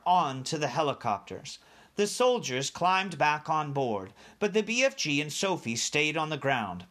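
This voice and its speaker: A man reading a children's book chapter aloud like a teacher, animated and speaking directly to young listeners. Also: on the high side.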